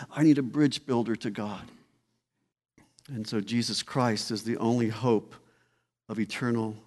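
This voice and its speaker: Emphatic preacher man in a reverberant hall. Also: mid-range voice. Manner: emphatic, repeats key phrases, slows for weight. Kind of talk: expository sermon.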